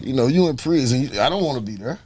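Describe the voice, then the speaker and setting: A man's voice: mid-range voice, lively intonation, fast, a crowd in the background. A middle-aged man, a podcast guest in casual chat, slangy and repeating his phrases, tagging "man" onto his lines.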